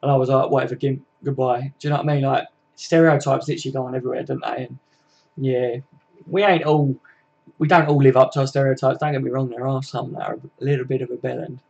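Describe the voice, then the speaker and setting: A man's voice: mid-range voice, level tone, quick pace, vocal fry, darkish tone, highs cut off. A young man with a southern English accent, hosting a football live stream in casual, slangy chat full of tag questions as he answers viewer comments.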